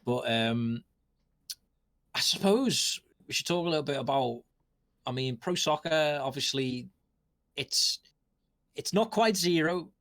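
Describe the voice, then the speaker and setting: A man's voice: on the high side, lively intonation, measured pace, long pauses, a bit bright. A man hosting post-match interviews, asking rambling questions full of ums and restarts.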